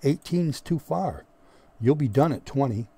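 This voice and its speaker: A gruff, moody squad leader, as a male audiobook narrator voices him speaks with a dark, mellow tone. He sounds menacing and hard-nosed, and his voice climbs higher and louder when he starts shouting. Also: expressive, a little slow. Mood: cold. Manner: gruff, menacing, erupts into roars. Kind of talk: audiobook character voice.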